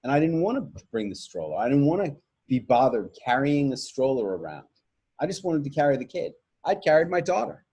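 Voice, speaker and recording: A man's voice: mid-range voice, very animated, a little fast, dark tone, breathy edge. A middle-aged man hosting a webinar, telling a candid, rambling personal story and correcting himself as he goes. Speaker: webinar host.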